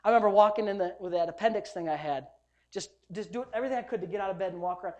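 A man, a pastor preaching a sermon, telling stories with loud bursts and hushed asides. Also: high-pitched, racing, muffled recording. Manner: animated storytelling, swings between loud bursts and hushed asides.

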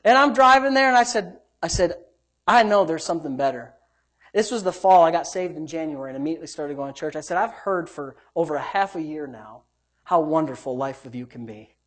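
Man preaching, loud then muttered. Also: lively intonation, brisk. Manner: storytelling, swings between loud emphatic preaching and low muttered asides; acts out quoted speech. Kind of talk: sermon with personal testimony.

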